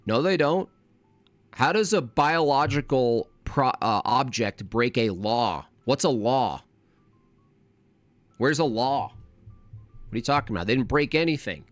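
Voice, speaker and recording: A man's voice: medium pitch, animated, a little slow, pauses often, no room sound. A man hosting a live reaction stream, his talk combative and openly scornful. He slips into silly mimicking voices to mock the people he argues against. The sound is dry and close, with no room around it.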